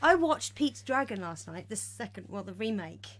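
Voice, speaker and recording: A woman's voice: medium pitch, big pitch swings, moderate pace. A woman co-hosting a comic chat show in casual, easygoing banter.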